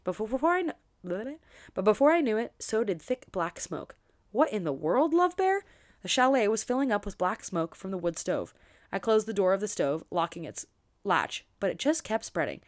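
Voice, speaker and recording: A woman reading a romance novel aloud for her book channel, expressive and dropping in quick asides of her own. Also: mid-range voice.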